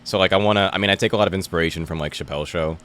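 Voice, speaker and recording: Deep-voiced young man from New Jersey. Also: very fast. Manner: relaxed, animated storyteller who acts out quotes. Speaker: guest comedian. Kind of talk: casual podcast chat.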